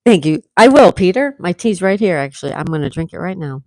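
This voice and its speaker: A congested woman hosting a relaxed livestream at home, chatting and reading out viewers' comments. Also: fairly low pitch, fast talker, no echo. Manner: relaxed, chatty, laughs often. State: congested, coughing. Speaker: livestream host.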